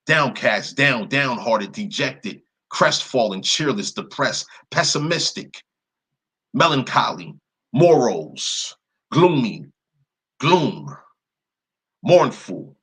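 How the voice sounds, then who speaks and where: Husky man reading out word lists. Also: medium pitch, a bit bright. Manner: blunt, indignant remarks. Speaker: video host. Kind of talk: screen-share commentary reading from a list.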